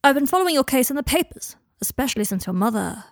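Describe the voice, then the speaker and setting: A woman's voice: sits high, very animated, fast, dry recording, clean studio sound, pitched above the performer's own voice, heavily acted. Woman voicing a hearty middle-aged uncle. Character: middle-aged man, warm, hospitable, secretly volatile uncle. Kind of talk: fan fiction audiobook reading.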